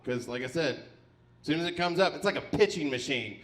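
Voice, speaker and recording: A man in his thirties works through a stand-up set, his voice sitting a little high for a man. He tells crude, self-deprecating stories and now and then bursts into loud shouts. It is a live stage performance into a mic on a stand. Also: animated, fairly quick. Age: 30s. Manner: profane, self-mocking storytelling with sudden shouted bursts. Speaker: stand-up comedian. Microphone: handheld mic on a stand.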